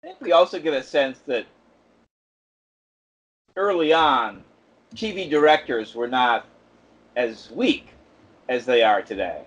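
A man's voice: medium pitch, lively intonation, measured pace, long pauses, a bit bright, husky. A man co-hosting a casual podcast chat, talking chattily and laughing often. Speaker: podcast co-host. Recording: dull lo-fi recording.

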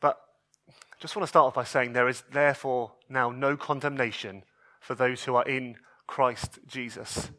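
A man's voice: mid-range voice, steady tone, moderate pace, pushed and bright. A man in his thirties, a pastor delivering an earnest, pleading sermon and often restarting his phrases.

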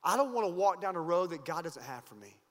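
A man with a high voice delivers an emphatic sermon. He swings between loud rising peaks and quiet low asides. His voice rings out with long hall reverb. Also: big pitch swings, fast. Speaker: pastor.

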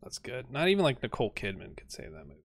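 A man's voice: medium pitch, very animated, fast, slight background noise. A man co-hosting a gaming podcast, joking and teasing in casual chat, often trailing off into laughter. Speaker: podcast co-host.

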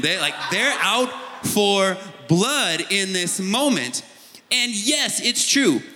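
A man's voice: sits high, pushed and bright. A middle-aged man preaching a sermon, telling a personal story in a conversational way. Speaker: pastor. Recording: long hall reverb.

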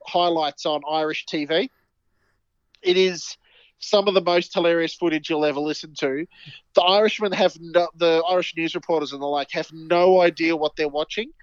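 An Australian man with a high voice chats and cracks jokes as a podcast co-host. The recording is dry and close, with a dull, lo-fi tone. He rambles casually from one thought to the next. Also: clean tone, no echo. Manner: jokey, rambling banter. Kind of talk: casual chat.

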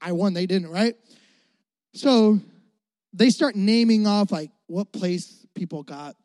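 A young male pastor tells a comic story from the pulpit, animated and jokey, acting out the voices of his younger self. His voice sits high for a man, and the recording is dry and close with little room sound. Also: slow pace, no echo. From Florida.

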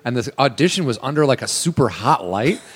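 A man's voice: medium pitch, animated, a little fast, husky, in a large hall. A man, a working actor, telling a casual story with lots of swearing and quoted voices. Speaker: guest actor.

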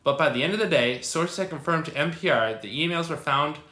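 A man's voice: on the high side, animated, a little fast, bright, forceful tone, echoey room. A young man co-hosting a casual podcast, reading news passages aloud and joking around in between. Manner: loose, joking, reads article passages aloud. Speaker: podcast co-host.

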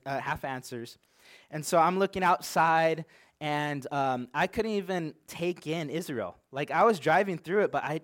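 Earnest young male pastor telling a story. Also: a little high. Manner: earnest, animated storytelling with frequent "like". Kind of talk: sermon storytelling.

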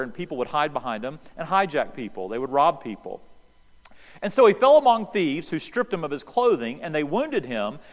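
Man, American pastor, sermon, lively swooping pitch, long hall echo. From United States. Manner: animated preaching, acts out dialogue.

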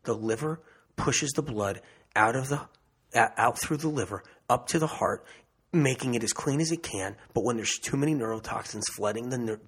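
A man's voice: lowish voice, fairly bright tone, slightly rough. A man giving an emphatic health monologue, repeating phrases for emphasis and restarting often. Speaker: health speaker. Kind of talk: impassioned monologue.

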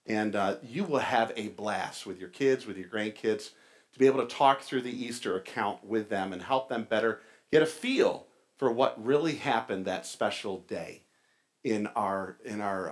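A man's voice: on the low side, normal speed. A man as pastor, giving a casual sermon with a joke and church announcements, chatty with fillers and restarts.

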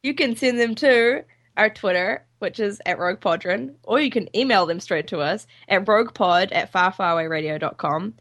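Co-host: woman, bright sharp tone, wry teasing delivery. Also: medium pitch, moderate pace. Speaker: podcast co-host. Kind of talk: casual group chat.

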